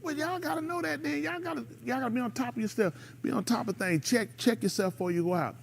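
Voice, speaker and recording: A man's voice: very high voice, fast talker, creaky, slightly rough. A man, hosting a radio show and preaching casually to a group in an exhorting way. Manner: animated, exhorting, breaks into laughter and mimicry.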